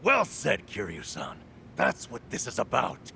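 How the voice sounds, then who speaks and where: An actor playing an upbeat, friendly young male hero who speaks in an excitable, animated way. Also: medium pitch, measured pace, gravelly, a little hiss or hum, heavily acted. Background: game music.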